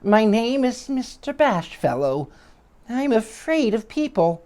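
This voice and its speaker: Shy squeaky little man, put on by a male reader; stammers, high and wobbly. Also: sing-song, slow, a little mellow, heavily acted. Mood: bashful.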